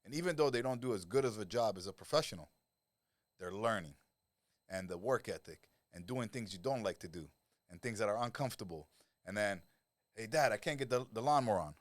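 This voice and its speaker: A middle-aged man with a lowish voice, guesting on a podcast as a lifestyle coach. He tells his stories with a lot of animation and swears without a second thought. The sound is close and dry, with no room around it. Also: a little fast, no room sound. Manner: blunt, animated storyteller who swears freely and acts out quoted voices. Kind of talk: casual podcast conversation.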